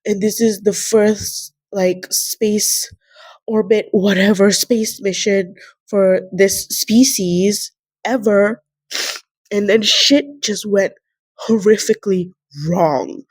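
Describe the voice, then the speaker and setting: A young woman with a medium-pitched, breathy voice speaks slowly in a dry recording. She rambles about a novel in a casual reading vlog, growing emotional and crying at times as she talks.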